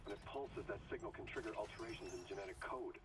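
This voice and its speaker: An actor voicing a calm young male ship engineer, reassuring in a recorded message. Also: lowish voice, quick pace, close to an everyday voice. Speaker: game character in a recorded message. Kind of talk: video game voice acting. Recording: distant game audio with hiss.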